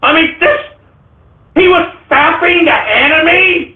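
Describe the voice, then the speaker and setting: A man's voice: very high voice, slow. A male talk radio host reading out listener names and ranting, abrasive and sarcastic, throwing insults at his audience. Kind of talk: live internet radio shout-outs and rant. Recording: tinny phone-like sound.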